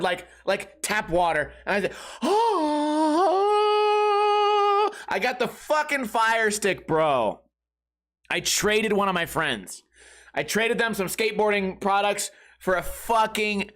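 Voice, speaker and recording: Brief: male comedy podcast host, lively swooping pitch, profane ranting delivery. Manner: animated, profane storytelling with shouted outbursts. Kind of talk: comedic rant.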